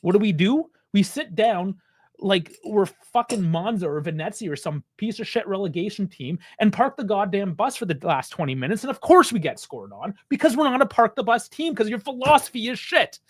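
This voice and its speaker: Furious swearing fan commentating live. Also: male voice, high-pitched, sing-song, fairly quick. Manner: angry, frustrated, heavy swearing.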